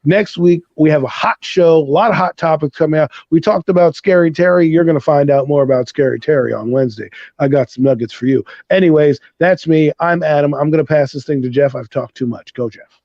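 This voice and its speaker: A man's voice: on the high side, a little fast, darkish tone, no room sound. Joking man on a dry, dull mic. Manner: rambling, jokey, self-deprecating. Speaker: podcast co-host. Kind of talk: casual sports podcast chat.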